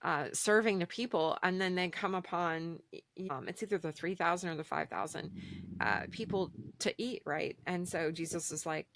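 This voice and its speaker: A podcast host with a fairly low voice leads a casual spiritual conversation at a moderate pace. She rambles and hesitates, using many fillers, but livens up whenever she quotes people. The recording is dry and studio-clean.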